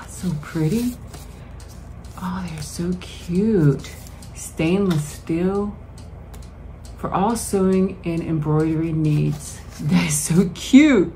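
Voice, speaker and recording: A woman vlogger opening fan mail, gushing and excited as she talks straight to her viewers. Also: fairly low pitch, takes it slowly, a little hiss or hum. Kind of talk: casual mail-opening vlog.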